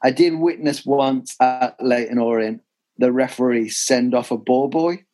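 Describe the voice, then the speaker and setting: A man hosting a casual football podcast, telling stories with lively quoted shouts. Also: mid-range voice, measured pace. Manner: animated storyteller, shouts quoted fans. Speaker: podcast host.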